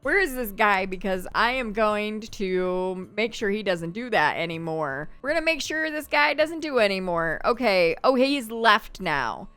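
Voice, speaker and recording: A woman's voice: medium pitch, lively intonation, measured pace, few pauses, a bit bright, smooth, no room sound, faint music behind. A woman giving casual let's-play commentary, chatting to the game characters as she plays. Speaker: gameplay commentator.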